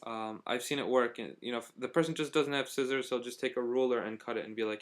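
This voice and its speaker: Speaking quickly in a mid-range voice with fairly even intonation, a young vlogger from Syria rambles through a travel diary. He sounds hesitant, often restarting sentences and leaning on fillers.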